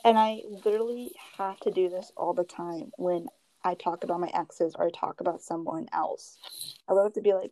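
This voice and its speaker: A young woman chatting casually with a friend, telling gossipy stories about her boyfriend in an animated way. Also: on the low side, moderate pace, low-quality recording. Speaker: co-host. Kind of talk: casual chat.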